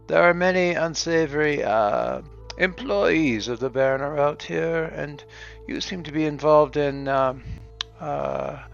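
A man's voice: gravelly, a bit bright, heavily acted. A man doing a fussy old accountant. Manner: fussy, stammering, high-pitched. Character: fussy old male accountant, curious, grumpy. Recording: dull lo-fi with faint music.

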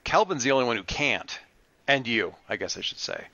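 A man's voice: mid-range voice, sing-song, a little fast, over loud music. A man narrating as game master of a tabletop game, rambling with many fillers and restarts, over an online voice call. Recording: muffled lo-fi voice chat.

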